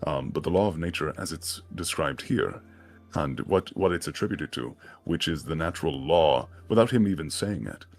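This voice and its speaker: A man's voice: extremely low pitch, lively intonation, normal speed, soft background music. A man chatting casually on a livestream, musing in a rambling, thoughtful way about a book's ideas. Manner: rambling, thoughtful, often laughing. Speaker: co-host discussing a book. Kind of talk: casual livestream chat and commentary.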